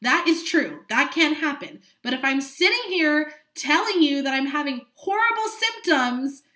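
A woman's voice: high voice, expressive, measured pace, bright, forceful tone, roomy sound. A woman in her late twenties hosting a solo podcast, speaking frankly and with lots of swearing as she vents with dramatic asides. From California. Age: late 20s. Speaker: podcast host. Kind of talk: candid solo podcast monologue.

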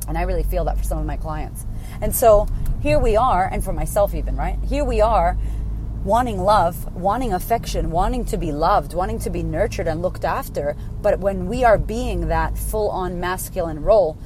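A woman's voice: fairly low pitch, moderate pace, darkish tone, a little hiss or hum. A woman in her thirties hosting a casual solo podcast as a coach, blunt and emphatic, swearing freely.

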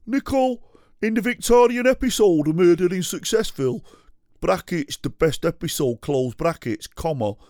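A man doing a brash young Manchester lout who reads everything out loud, full stops and question marks included. The voice sits high and pushy, noticeably louder than ordinary talk. It is recorded up close in a dead, dry space. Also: no echo. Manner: brash, loud, mocking punctuation. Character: cocky young male Manchester lout reading a comment.

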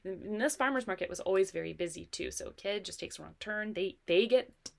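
A woman's voice: mid-range voice, a little fast, vocal fry. A woman co-hosting a parenting podcast, telling stories in an earnest, reflective way. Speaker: podcast co-host. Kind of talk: casual conversation.

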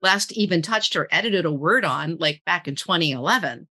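A woman's voice: lowish voice, lively intonation, moderate pace, bright, forceful tone. A middle-aged woman, a guest copywriter, chatting casually in an interview, rambling with restarts and laughing often.

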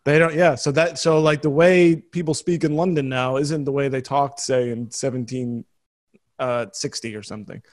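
An American man hosting a podcast, rambling in casual chat with many restarts and quick laughs. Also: medium pitch, fairly even intonation. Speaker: podcast host.

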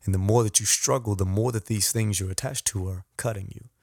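A man hosting a podcast, telling a personal story with animated, repetitive, self-deprecating motivational talk. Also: lowish voice, fairly quick, gravelly, no echo, studio quality. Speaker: podcast host.

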